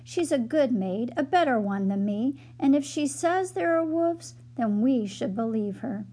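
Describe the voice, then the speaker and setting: A woman's voice: a little high, lively intonation, a little slow, warm tone, slightly rough. A woman voicing a young female squirrel maid in a storybook, speaking earnestly and remorsefully. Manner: earnest, confessing.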